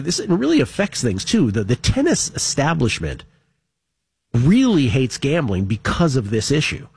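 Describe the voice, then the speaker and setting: Slightly husky man on sports radio. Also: medium pitch. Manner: animated, repeats words when starting sentences. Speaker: co-host. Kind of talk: casual sports talk. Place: radio studio.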